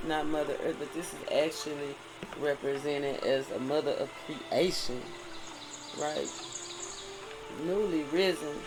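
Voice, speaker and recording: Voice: medium pitch, poor audio. A tarot reader giving a spiritual monologue. The reader mixes passages read aloud with heartfelt commentary and keeps asking "right?". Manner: preachy, often asks "right?". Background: music.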